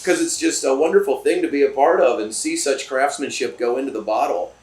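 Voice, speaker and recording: A man's voice: mid-range voice, fairly quick, a little mellow. A man hosting a casual chat, chatty, jokey and enthusiastic, recorded at a distillery. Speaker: podcast host. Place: distillery room. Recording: roomy, distant mic.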